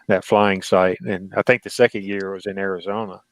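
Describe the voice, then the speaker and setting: A man's voice: sits low, flat delivery, a little fast, dry recording, rough recording. A man reminiscing in casual conversation, hesitant, with many restarts. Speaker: guest.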